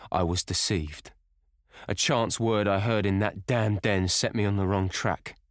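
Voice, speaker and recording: A gruff, thick-set sailor bent on revenge, played by a man with a very low voice, growling his threats in a blunt, heavy way. The voice stays close to the reader's own deep register, dry and near the mic. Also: fairly even intonation, measured pace, no room sound, lightly acted. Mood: shaken.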